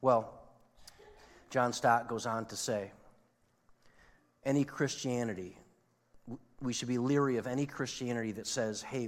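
A male pastor preaching a sermon in a conversational way, asking the audience rhetorical questions and moving between loud emphasis and hushed, quiet lines. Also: medium pitch. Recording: long reverb of a large hall.

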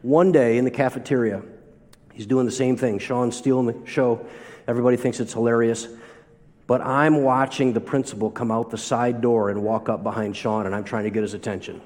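A male pastor delivers a sermon in a mid-pitched voice, and his words ring out with the long reverb of a large hall. He moves between storytelling and rhetorical questions to the congregation. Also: steady tone, fairly quick, a little mellow.

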